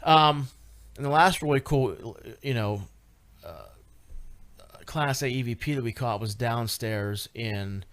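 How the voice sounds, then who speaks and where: Radio guest, a man telling a ghost-hunt story, animated and halting, average pitch. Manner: animated, lots of fillers and restarts, rising excitement. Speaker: paranormal investigator guest. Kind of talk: casual radio interview storytelling.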